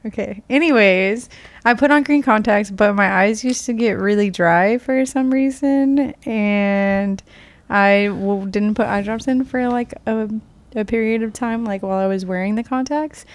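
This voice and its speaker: A woman's voice: medium pitch, moderate pace, no room sound. A woman co-hosting a casual podcast, chatting loosely with plenty of fillers. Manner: relaxed and conversational, many fillers. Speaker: podcast co-host. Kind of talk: casual chat.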